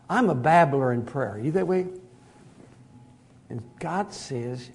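A man preaching a conversational sermon, moving from hushed asides to loud emphatic lines and chuckling at himself. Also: medium pitch, animated, unhurried, slight background noise.

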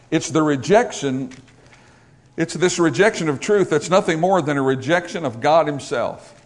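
Male pastor, high voice, sermon, emphatic, repetitive build, rhetorical questions.

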